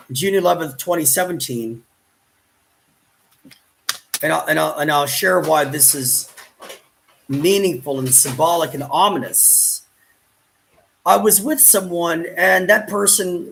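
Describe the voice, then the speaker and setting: A man with a fairly high, creaky, fairly bright voice narrates his YouTube vlog while arguing off camera. Repetition, constant pleading, and lofty phrasing mark his speech, and the distant mic makes it sound roomy.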